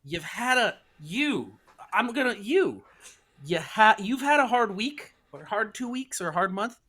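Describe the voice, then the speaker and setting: A man co-hosting a podcast in casual, joking chat, with animated delivery that keeps restarting its sentences. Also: high-pitched, measured pace. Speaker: podcast co-host.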